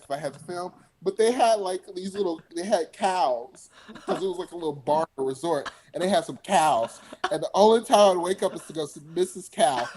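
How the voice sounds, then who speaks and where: A man's voice: sits high, darkish tone. A young man, a singer guest, telling stories in a casual interview chat and laughing often.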